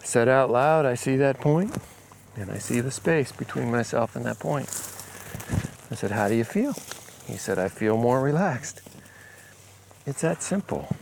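A man casually recounting a conversation with someone he helped, in a relaxed storytelling way, speaking outdoors on a rural property. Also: mid-range voice, measured pace, vocal fry, long pauses, slight background noise. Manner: relaxed, retells conversations with quoted dialogue. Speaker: healing coach.

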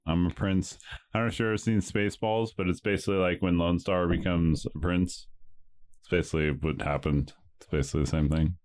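A man's voice: sits low, fairly even intonation, brisk, a little mellow. A man co-hosting a casual chat over vodka shots, making dry jokes. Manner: joking, dry quips.

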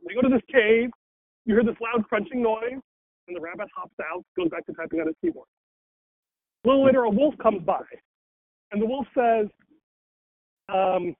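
Rambling man in casual conversation, high voice, tinny phone-line sound. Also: lively intonation, a little fast, no room sound. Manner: rambling, many fillers and restarts.

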